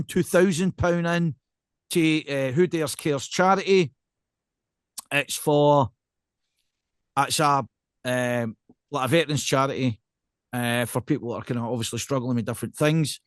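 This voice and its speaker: A man's voice: fairly high pitch, a little slow, pauses often, smooth, dry recording, studio quality. A man with a Scottish accent co-hosting a casual podcast, rambling and self-deprecating as he talks. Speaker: podcast co-host.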